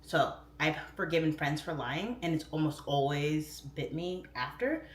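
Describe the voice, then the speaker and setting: A middle-aged woman hosting a livestream, rambling casually and swooping into high voices when she quotes herself. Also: a little slow, echoey room. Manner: chatty, rambling, warm-hearted talk with frequent "like" fillers. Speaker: livestream host. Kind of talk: casual chat. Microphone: phone or webcam.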